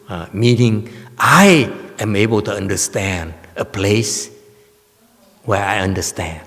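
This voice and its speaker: In a reverberant temple lecture hall, a man speaks slowly and animatedly in a lowish, slightly bright voice. He's a Buddhist master lecturing on a sutra, teasing his listeners and quizzing them with emphatic questions.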